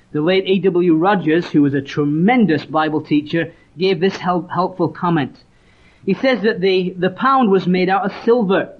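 Male preacher, fairly high voice, earnest storyteller, lo-fi sermon tape. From Leeds, northern England. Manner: earnest storytelling, reads scripture aloud. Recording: dull lo-fi recording.

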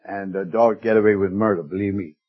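Husky-voiced man preaching a sermon, lo-fi. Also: lowish voice, fairly even intonation, brisk. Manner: folksy storytelling with rising emphasis and hushed quoted lines.

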